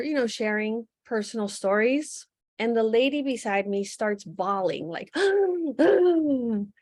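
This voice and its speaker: Woman panelist talking it through slow and thoughtful, highish voice, dry sound. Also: no room sound. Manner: thoughtful, measured, speaks in questions. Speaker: guest panelist. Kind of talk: reflective webcast conversation.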